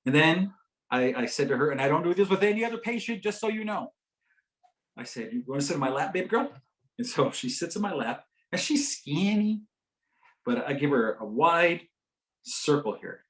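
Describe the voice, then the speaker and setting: A middle-aged man giving a talk at a community health forum, telling a patient story with lively swings between loud emphasis and hushed, gentle quotes. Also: on the high side, moderate pace, low-quality recording.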